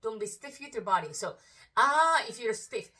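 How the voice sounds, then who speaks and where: A female vocal coach giving a singing lesson, explaining slowly in casual speech and breaking into sung phrases to demonstrate. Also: on the high side, sing-song, sharp tone, distant mic. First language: Korean.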